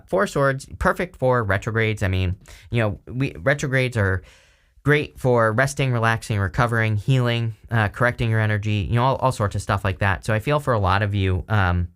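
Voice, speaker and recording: A man giving a casual tarot reading, talking loosely with many fillers and restarts. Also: lowish voice. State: throat irritated by allergies. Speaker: tarot reader.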